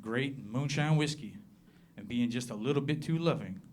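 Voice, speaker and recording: A man from southern Appalachia with a Southern American accent, performing a stand-up comedy set and slowing his punchlines down to a deadpan. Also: medium pitch, noisy background. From southern Appalachia, USA. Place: comedy club with live audience.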